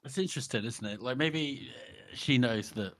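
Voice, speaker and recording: Male podcast co-host, mid pitch, thoughtful and speculative delivery. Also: normal speed. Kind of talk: casual book-discussion chat.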